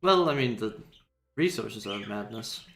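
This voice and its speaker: A man's voice: fairly low pitch, animated, a little slow, fairly bright tone, echoey room, a little hiss or hum. A young man co-hosting a livestream, chatting casually and rambling while he works on animation, laughing often. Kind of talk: casual chat while drawing.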